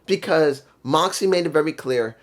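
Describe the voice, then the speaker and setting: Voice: mid-range voice, moderate pace. A wrestling show reviewer ranting heatedly and cursing freely in a casual review vlog.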